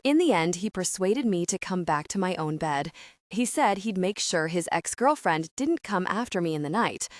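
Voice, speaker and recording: A woman's voice: fairly low pitch, animated, normal speed, dry recording, clean studio sound. A woman reading a young-adult audiobook in first person, with a chatty, wry teen-girl storytelling manner. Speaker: audiobook narrator.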